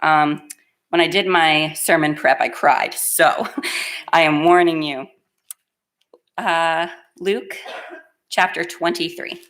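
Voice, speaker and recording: Low-voiced woman preaching a heartfelt sermon. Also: takes it slowly, pauses often, a bit bright. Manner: earnest, emotional, plainspoken. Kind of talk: sermon with scripture reading. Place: church.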